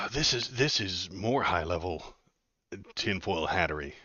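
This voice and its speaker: Deep-voiced sarcastic man streaming. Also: expressive, takes it slowly, sharp tone, husky, dry recording, highs cut off. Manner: sarcastic, rambling, frequent filler words. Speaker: political commentary streamer. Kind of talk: casual livestream commentary.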